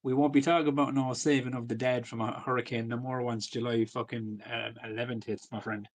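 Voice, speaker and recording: A man's voice: mid-range voice, little pitch movement, brisk. A man, co-hosting a podcast in loose, sweary casual chat full of fillers. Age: 40s. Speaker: podcast co-host.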